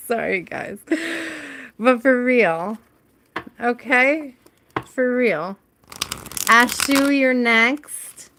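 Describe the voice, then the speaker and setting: Slow, chatty woman tarot reader. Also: medium pitch, pushed and bright, a little hiss or hum. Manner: chatty, answers viewers by name, laughs often. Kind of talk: casual livestream tarot reading.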